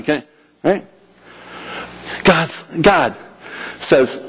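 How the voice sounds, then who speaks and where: High-voiced animated male preacher. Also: a little slow, low-quality recording. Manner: animated, acts out prayers and dialogue in quoted voices. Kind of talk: sermon. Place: church.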